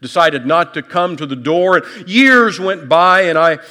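A man's voice: a little high, measured pace, sharp tone, in a large hall. A male pastor preaching a sermon in a conversational, folksy way, with light humor and frequent restarts. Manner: repeats words and restarts often.

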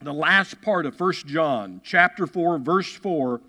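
A man's voice: on the high side, animated, slow pace, pushed and bright. A man preaching a sermon as a pastor, emphatic, repeating key phrases and acting out the quotes he reads. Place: church sanctuary. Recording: long hall reverb.

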